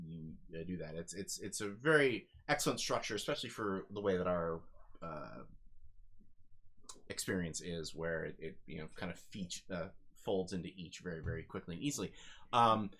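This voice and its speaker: A man's voice: low-pitched, moderate pace, a bit bright. A man running a tabletop game as game master, talking casually with many fillers and restarts.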